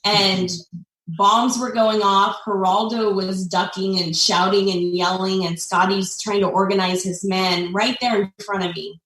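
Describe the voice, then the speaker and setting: Guest woman in her 40s, earnest storyteller, mid pitch, roomy echo, mic a bit far off. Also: level tone, a bit bright. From United States. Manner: heartfelt, with frequent pauses and fillers. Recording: echoey room, distant mic.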